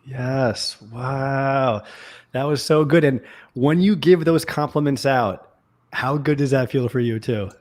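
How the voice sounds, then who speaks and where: Gentle, affirming man in an interview. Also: mid-range voice, takes it slowly. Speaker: guest. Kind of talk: casual conversational interview.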